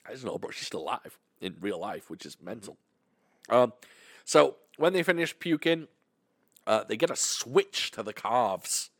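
A British man co-hosting a podcast, telling stories in a casual, animated, sweary way. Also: medium pitch, a little slow, no room sound, clean studio sound. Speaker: podcast co-host. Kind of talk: casual chat.

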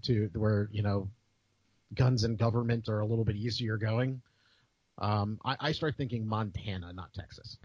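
A man's voice: lowish voice, steady tone, normal speed, darkish tone, no room sound, lo-fi sound. A man co-hosting a casual podcast, blunt and often stumbling and repeating words. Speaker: podcast co-host. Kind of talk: casual chat.

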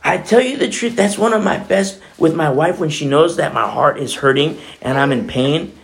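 A man preaching a sermon as pastor, in a conversational, animated way full of asides. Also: on the high side, normal speed, vocal fry.

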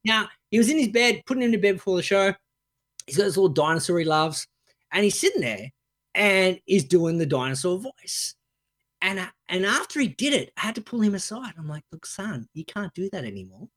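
Man co-host, thirties, high and lively voice, sweary mock-serious banter. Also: a little fast. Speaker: podcast co-host. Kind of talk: casual comedic chat.

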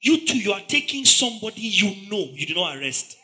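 A man preaching a sermon who acts out the scene and swings into loud, dramatic shouts. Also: high-pitched, sing-song, fairly quick. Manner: dramatic, acts out the crowd's lines and shouts them.

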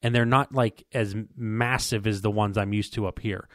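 A man's voice: on the low side, fairly even intonation, normal speed, no room sound, studio quality. A man casually telling a long hunting story, rambling and stumbling over repeated words while acting out what people said to him.

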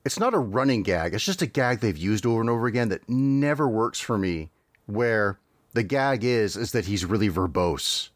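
A man's voice: fairly low pitch, lively intonation, moderate pace, no echo, studio quality. A man hosting a podcast, chatting casually with many fillers and restarts. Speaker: podcast host.

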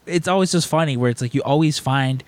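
A man's voice: medium pitch, quick pace, no echo. A young man co-hosting a podcast, telling stories in a rambling casual chat with lots of fillers and restarts. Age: young adult. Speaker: podcast co-host.

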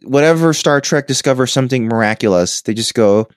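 A man co-hosting a podcast in casual chat, talkative and quick to laugh. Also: medium pitch, animated, clear, resonant tone, no room sound, clean studio sound. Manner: chatty, laughs often, quick asides. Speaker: podcast co-host.

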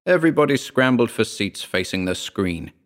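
A man reading a first-person story aloud in a wry, measured way. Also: lowish voice, sing-song. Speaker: narrator.

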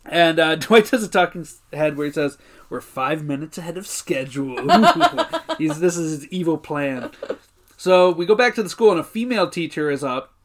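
Brief: male podcast co-host retelling episodes in a lively, casual way. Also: a little high, fairly quick. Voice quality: lively storyteller, acts out quotes, swears casually. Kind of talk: casual recap chat.

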